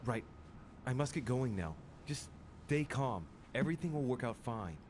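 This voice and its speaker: A man's voice: mid-range voice, animated, moderate pace, a little mellow, a little hiss or hum, lightly acted. A man playing a composed young nobleman. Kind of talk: video game voice acting.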